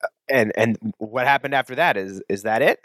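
Male podcast host, deadpan and politely prodding, mid-range voice, dry studio sound. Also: medium pitch, fairly quick, no room sound. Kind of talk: comedy interview.

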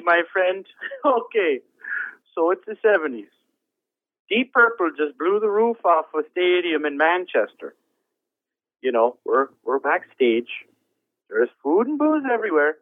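A man doing a high-voiced folksy old roadie on the phone. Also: sing-song, no room sound. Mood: rambling. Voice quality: folksy rambling with frequent chuckles. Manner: drawn-out anticlimactic storytelling. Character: rambling old male rock roadie, folksy and easily amused. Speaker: phone-in guest. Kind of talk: comedy phone interview sketch. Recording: tinny dry phone line.

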